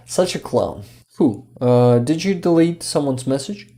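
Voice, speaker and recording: Slow, mellow-voiced man on livestream. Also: mid-range voice, expressive. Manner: halting, searches for words, many fillers. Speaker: livestream host reading chat. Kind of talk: casual livestream chat.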